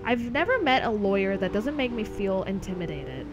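A very animated young adult woman chats casually with viewers while streaming a game, rambling and laughing often. She speaks at a medium pitch and moderate pace, with music in the background.

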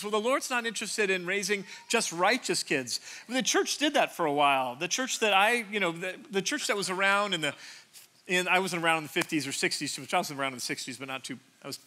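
Bright-voiced pastor man, chatty and joking. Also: high-pitched, sing-song, a little fast. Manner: joking, self-deprecating, chatty with restarts. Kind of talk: conversational sermon. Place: church sanctuary stage.

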